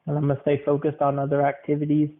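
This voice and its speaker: A male podcast host rambles casually, repeating words and relying on fillers. He talks fast in a slightly high, monotone voice, and the recording has a tinny phone-line sound.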